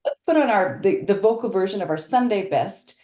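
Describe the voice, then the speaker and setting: A woman's voice: mid-range voice, animated, brisk, mellow, roomy sound. A woman guest talking casually and thoughtfully on a podcast, laughing easily. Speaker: voice actor guest.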